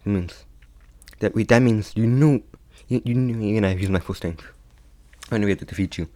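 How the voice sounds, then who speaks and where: Halting young man retelling a fan story. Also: on the low side, darkish tone. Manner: halting, many restarts and repeats.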